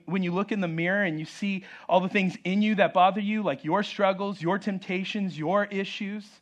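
Guy preaching w a high voice, jokey asides, does little voices for quotes. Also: highs cut off. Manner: animated, acts out quoted voices; joking asides. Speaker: pastor. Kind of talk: sermon.

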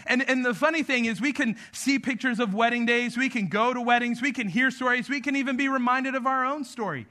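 A man's voice: very high voice, brisk, bright, forceful tone. A man in his thirties from New Mexico preaching a sermon as pastor, in a casual, chatty way, telling stories with jokes. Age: 30s. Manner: casual, chatty, joking storyteller.

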